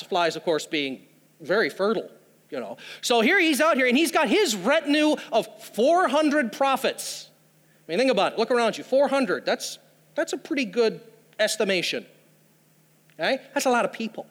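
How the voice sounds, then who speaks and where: A man's voice: very high-pitched, big pitch swings, moderate pace, a bit bright. A man preaching a sermon, telling a story with humorous asides. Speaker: pastor. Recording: long hall reverb.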